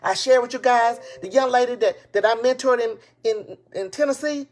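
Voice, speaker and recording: A woman giving a live motivational talk to her viewers, excited and preachy, repeating her points and speaking in casual, folksy grammar. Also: on the high side, normal speed. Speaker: motivational speaker and business coach. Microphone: tablet device.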